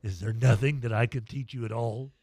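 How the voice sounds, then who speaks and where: A man's voice: medium pitch, fairly quick, no echo. Guy hosting sports radio in the morning, gets all worked up telling a story, dry studio sound. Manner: animated storytelling, emotional and self-deprecating. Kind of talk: casual morning radio chat.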